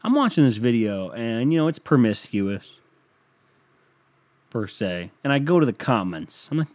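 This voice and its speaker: A man's voice: mid-range voice, very animated, normal speed, darkish tone. A young man hosting a podcast in a rambling, profane, self-mocking casual monologue. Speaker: podcast host.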